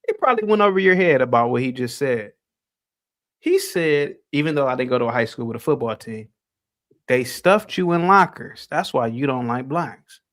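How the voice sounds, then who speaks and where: A man's voice: animated, normal speed, a bit bright. Guy hosting a rowdy debate stream, voice jumping all over, dramatic. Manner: theatrical, swings pitch widely. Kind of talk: heated panel debate.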